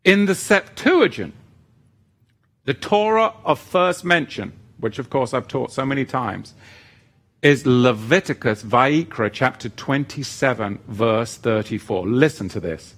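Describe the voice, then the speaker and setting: A middle-aged man preaching a sermon, animated, moving between intense emphasis and joking asides. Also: mid-range voice, a little slow.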